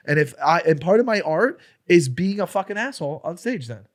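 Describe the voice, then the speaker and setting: Animated, profane male comedian guest. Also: high voice, fairly quick, hardly any pauses. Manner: animated, profane, acts out the argument he is describing. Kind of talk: casual podcast storytelling.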